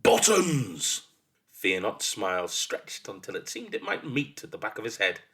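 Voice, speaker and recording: A man reading a folk tale aloud in an expressive, lively way. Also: lowish voice, a little fast. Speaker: storyteller. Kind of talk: storybook reading.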